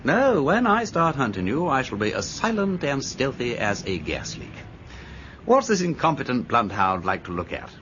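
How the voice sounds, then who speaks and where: An actor playing a breezy, witty upper-class English gentleman detective, with a jaunty, teasing manner, in an old radio drama. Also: medium pitch, sing-song, normal speed, slight background noise. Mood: wry. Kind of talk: 1930s-style radio drama acting. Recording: dull old radio recording.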